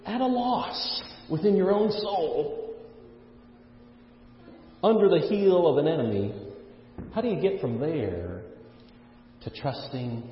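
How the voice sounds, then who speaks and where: A man from Canada preaching a sermon earnestly, with many fillers and sudden swings of loudness. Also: on the high side, a little hiss or hum. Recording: echoey hall, dull muffled sound.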